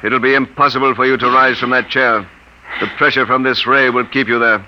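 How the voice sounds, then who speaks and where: An actor plays a calculating Martian in human guise, clipped and coldly formal. His voice sits at an ordinary pitch, heard through a dull, faintly hissing old radio recording. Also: fairly even intonation, fairly quick, close to an everyday voice. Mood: cold menace. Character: cold, calculating Martian son. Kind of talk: 1940s radio acting.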